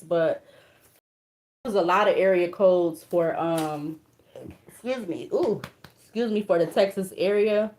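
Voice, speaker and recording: A woman's voice: mid-range voice, a little mellow. A young woman doing a casual tarot reading, reading card meanings aloud in an emotional, colloquial way. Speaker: tarot reader.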